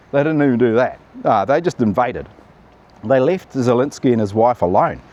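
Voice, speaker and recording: In dull audio, a man from New Zealand speaks at a normal pace in an animated, mid-range, slightly mellow voice. Hosting political commentary, he gives offhand opinions, rambling bluntly and cheekily with lots of fillers.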